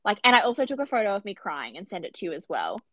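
A woman co-hosting a casual book podcast, animated and gushing, swearing freely as she talks. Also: mid-range voice, rapid-fire, no room sound. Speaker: podcast co-host.

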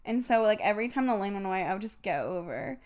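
A young woman co-hosting a casual podcast, rambling through a long story with plenty of swearing and laughter. Her pitch sits in the middle for a woman, and she talks in a loose, unpolished way. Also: animated, fast, a little mellow. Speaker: podcast co-host.

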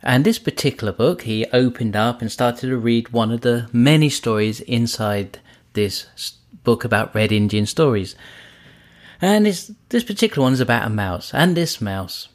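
A man teaching through stories as a trainer, relaxed and speaking straight to the listener. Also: medium pitch. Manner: relaxed storyteller, addresses the listener. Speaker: trainer, podcast host. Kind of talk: storytelling lesson.

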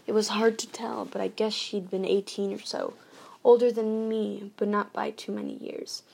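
A woman's voice: mid-range voice, flat delivery, normal speed, gravelly, darkish tone, breathy edge. A woman reading a first-person ghost novel aloud, often restarting and correcting herself mid-sentence. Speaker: narrator.

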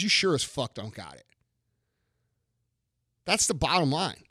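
A middle-aged man rants on his podcast in a blunt, profane way, hammering his points by saying them twice. His voice sits a little high for a man. The sound is dry and close, with no room in it. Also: very animated, moderate pace, no echo. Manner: blunt, profane, forceful, repeats lines for emphasis. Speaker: podcast host. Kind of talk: profane motivational rant.

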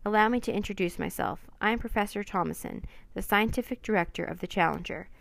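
A jovial old professor lectures on and on in a pompous way, his voice gravelly, as a woman reading a storybook puts him on. He sounds close and dry. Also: medium pitch, fast, dry recording, lightly acted.

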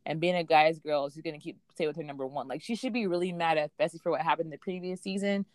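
A woman's voice: low voice, steady tone, fast, no room sound. A woman, co-hosting a podcast and chatting about a reality show, opinionated and acting out other people's quotes. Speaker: podcast co-host. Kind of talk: casual chat recapping a reality show.

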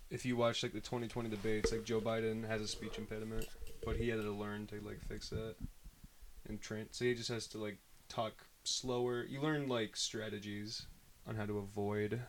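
A man's voice: on the low side, flat delivery, moderate pace, slight background noise. A man chatting casually with friends, joking and rambling, with a slight lisp on his th sounds. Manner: joking, rambling, laughs often. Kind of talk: casual chat among friends.

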